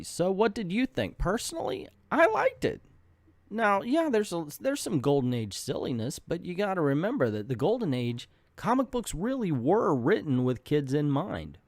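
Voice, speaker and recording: A man's voice: on the high side, darkish tone, no echo. A man hosting a comedic comic book read-through, narrating panels dramatically and tossing in jokey asides. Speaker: host reviewing a comic.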